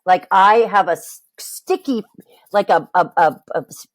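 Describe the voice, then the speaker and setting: A woman vocal coach chatting casually about a song, lively, and acting out voices as she talks. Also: mid-range voice, measured pace. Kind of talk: casual chat, reacting to a song.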